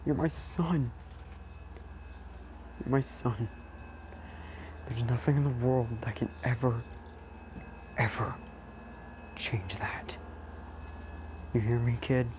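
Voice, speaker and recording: A man voicing a stern adult male teacher who comforts his adopted son, firm and soothing with hushed reassurance, recorded lo-fi. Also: mid-range voice, fairly even intonation, measured pace, pauses often, noisy background, close to an everyday voice. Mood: firm, protective.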